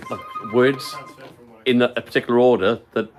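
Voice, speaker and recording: A man's voice: mid-range voice, fairly even intonation, normal speed. A man hosting a casual guitar shop livestream, reading out viewer comments in an easygoing way.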